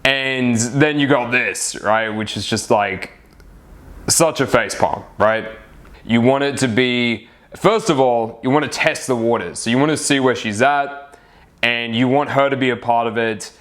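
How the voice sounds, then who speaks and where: A man's voice: mid-range voice, a little slow, fairly bright tone. A man talking as a dating coach in a casual advice monologue, chatty, tagging his points with "right?" and swearing freely.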